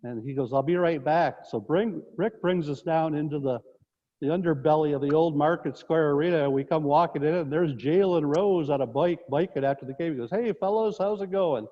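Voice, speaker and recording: A man's voice: on the high side, fairly quick. A man, a former basketball coach from northern New York, telling rambling anecdotes on a sports talk show. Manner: rambling anecdotes with restarts, chuckling. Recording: dull lo-fi audio in a reverberant space.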